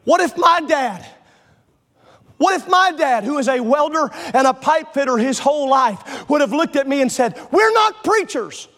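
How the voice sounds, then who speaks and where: A pastor in his forties preaching a sermon to a congregation in church, passionate and building to shouts. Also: very high voice, normal speed. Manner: impassioned, builds to shouting, stretches key phrases. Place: church sanctuary before a congregation.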